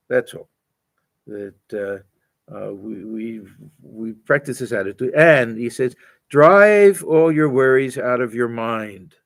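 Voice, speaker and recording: An older swami teaches a scripture class in a gravelly, medium-pitched voice. His spiritual lecture comes out gently and haltingly, full of fillers, restarts, and repeated words as he searches for his next thought.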